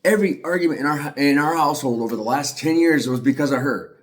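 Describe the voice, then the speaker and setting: A man's voice: on the high side, fast. A middle-aged man giving an agitated, profane monologue to the camera as an aggrieved father. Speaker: aggrieved father telling his story.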